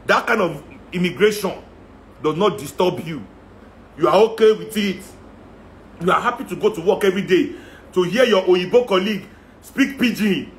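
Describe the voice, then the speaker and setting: Brief: Nigerian man, higher voice, mocking and animated, faint background hiss. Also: normal speed, long pauses. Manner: animated, mixes Pidgin and Yoruba, mocking. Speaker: musician and guest. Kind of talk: casual opinionated chat.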